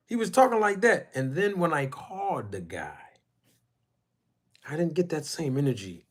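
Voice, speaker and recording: A man's voice: fairly high pitch, sing-song, normal speed, pauses often. Talkative man hosting a live stream. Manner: conversational, shouts out chat viewers, rambling and emphatic. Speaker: boxing YouTube channel host. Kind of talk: casual live-stream chat.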